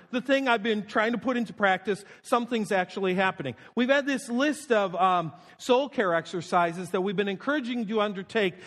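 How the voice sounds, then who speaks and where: A man's voice: sits high, a bit bright, in a large hall. A male pastor preaching and praying in a casual, self-deprecating storytelling manner in a church. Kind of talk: sermon with prayer and announcements. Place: church sanctuary.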